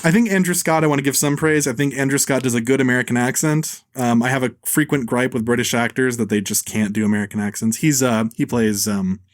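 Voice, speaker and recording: A man's voice: mid-range voice, no echo. Blunt casual male podcast host, dry sound. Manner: blunt, swearing, mimics actors in quick bits. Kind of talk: casual film review chat.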